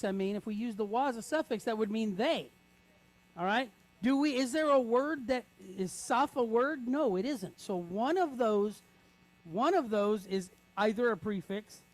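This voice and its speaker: A man teaching a reading lesson, breaking words into sounds and checking in with the class after each step. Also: sits high. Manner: patient, checks in with frequent "right?"; spells out sounds slowly, syllable by syllable.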